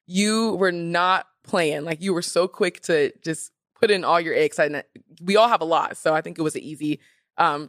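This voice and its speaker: A young woman hosting a podcast in casual chat, animated and emphatic with sassy asides. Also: lowish voice, no echo, studio quality. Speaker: podcast host.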